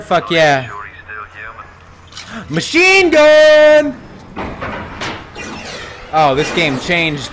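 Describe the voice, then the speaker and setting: A man streaming a horror game live, talking to his chat, swearing a lot and yelping and shouting at every scare. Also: mid-range voice. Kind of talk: live gameplay commentary.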